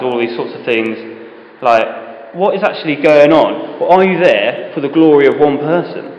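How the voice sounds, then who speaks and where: A man's voice: mid-range voice, measured pace. Guy preaching casually at a men's group, lots of questions, roomy hall, muffled lo-fi sound. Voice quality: conversational, full of rhetorical questions. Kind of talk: informal Bible talk. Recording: echoey hall, dull lo-fi sound.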